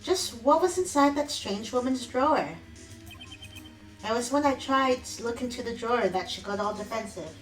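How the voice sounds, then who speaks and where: A woman's voice: on the high side, animated, normal speed, recorded from a distance, close to an everyday voice. A woman voicing an earnest young male defense attorney in a live fan dub of a game, musing aloud to himself. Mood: puzzled. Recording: roomy, off-mic, faint music behind.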